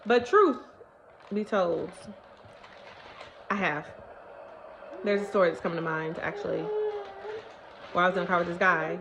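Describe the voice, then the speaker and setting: Woman telling her testimony straight to the camera, emphatic and animated, kinda muffled lo-fi sound. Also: fairly low pitch, unhurried, pauses often, background noise. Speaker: vlogger sharing a testimony. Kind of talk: personal testimony storytelling. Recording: dull lo-fi recording.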